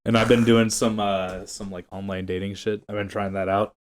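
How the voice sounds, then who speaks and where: A man's voice: lowish voice, level tone, moderate pace, slight background noise. Rambling young man chatting casually. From Texas. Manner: rambling, chuckling storyteller with many fillers. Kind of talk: casual chat.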